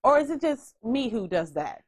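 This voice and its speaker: Brief: woman podcast host, fairly high voice, loose and animated, casual profanity. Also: normal speed. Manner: chatty and animated, swears freely. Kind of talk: casual chat.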